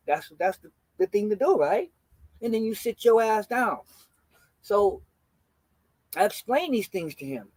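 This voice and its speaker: A man's voice: high voice, big pitch swings, measured pace, pauses often, darkish tone, dry recording, poor audio. A man in his forties, a gaming streamer telling stories on a casual live stream in a laid-back, slangy way, swearing freely and greeting his chat.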